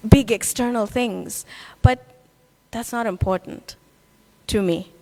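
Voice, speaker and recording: A woman voicing a calm, all-powerful male deity who explains patiently. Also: on the high side, slow pace, long reverb tail.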